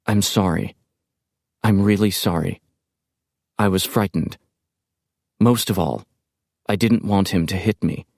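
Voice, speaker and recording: Brief: a terrified young woman's diary voice, read plainly by a deep-voiced man, dry and close. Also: gravelly, no echo. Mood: desperate. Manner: low, slow, even reading. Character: frightened young woman writing a desperate diary. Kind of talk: audiobook narration.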